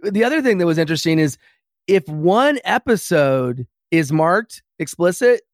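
A man hosts a casual podcast interview with plenty of enthusiasm, often turning to speak straight to his listeners. His voice is fairly high for a man. The sound is dry and close-miked. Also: sing-song, moderate pace, no room sound. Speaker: podcast host.

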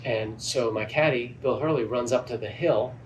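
A man, a golf club head pro, telling a lively story in a podcast interview and acting out the dialogue. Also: mid-range voice, normal speed. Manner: animated, acts out quoted dialogue. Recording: distant mic with faint background noise.

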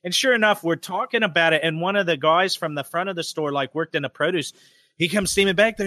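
A man on a casual podcast telling a profane, animated story about his past, with lots of restarts and swearing, in a studio. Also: on the high side, brisk, no echo. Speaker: podcast guest. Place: radio studio. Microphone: studio microphone.

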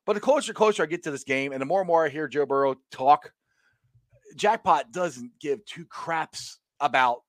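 Lively man hosting a sports talk show. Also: high-pitched, no room sound, clean studio sound. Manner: animated, reads viewer comments aloud. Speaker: show host. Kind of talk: casual sports talk with live comments.

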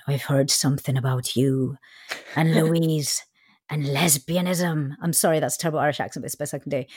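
A woman with a low, voice tells her story candidly as an interviewee. She talks openly, with many ums and occasional swearing. The recording is dry and close. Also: dry recording. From England. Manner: frank, sometimes swearing, many fillers.

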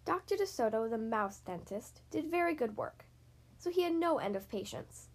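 A woman reading a children's picture book aloud, slowly and expressively. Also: a little high, expressive. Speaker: reader.

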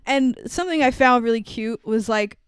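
Casual, lively chat from a woman on a podcast, her fairly high voice very smooth and resonant, dry close sound, swears a lot and laughs easily. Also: normal speed, dry recording. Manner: animated, swears freely, laughs often. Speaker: podcast co-host. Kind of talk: casual chat recapping a movie.

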